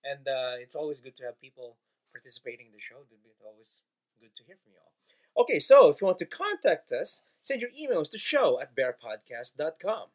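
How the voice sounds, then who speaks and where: A man hosting a podcast in casual chat, lively and often restarting his sentences. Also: fairly high pitch, fairly quick, poor audio. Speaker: podcast host.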